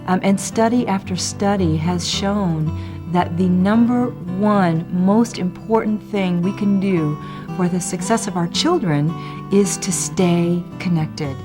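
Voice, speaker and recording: A middle-aged woman explains her parenting ideas to camera in a calm, measured way. She speaks very slowly. Guitar music plays clearly underneath her. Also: lowish voice. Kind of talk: interview to camera.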